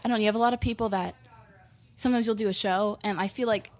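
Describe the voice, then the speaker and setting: A young woman, a guest musician, chatting on a podcast and telling stories in a giggly, animated way. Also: mid-range voice, fast talker. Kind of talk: casual podcast chat. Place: podcast studio. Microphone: studio microphone.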